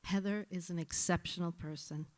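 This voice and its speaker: A woman's voice: lowish voice, steady tone, normal speed. A middle-aged woman reading a formal, slightly nervous speech at a school board meeting. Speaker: incoming acting assistant principal.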